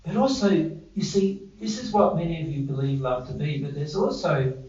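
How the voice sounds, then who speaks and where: A man with a somewhat high voice runs a group workshop, asking his listeners questions and joking at his own expense. He sounds distant from the mic, with a roomy echo around him. The audio is dull and lo-fi. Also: normal speed, a little mellow. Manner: conversational, quizzes the audience, self-deprecating asides. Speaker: workshop presenter. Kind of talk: interactive group teaching. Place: indoor room with a group. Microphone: distant room mic.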